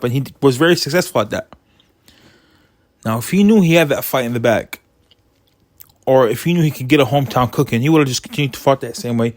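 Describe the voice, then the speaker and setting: A man giving his opinionated casual commentary on a boxing result, getting animated as he retells funny moments. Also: medium pitch, fast, long pauses, dry recording, studio quality.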